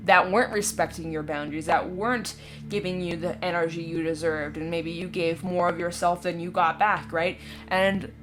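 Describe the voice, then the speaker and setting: A woman giving a casual, reassuring tarot reading to her viewers, chatty and full of little check-ins with the listener. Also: fairly low pitch. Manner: chatty, reassuring, full of "you know" and "right?". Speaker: tarot reader. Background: soft background music.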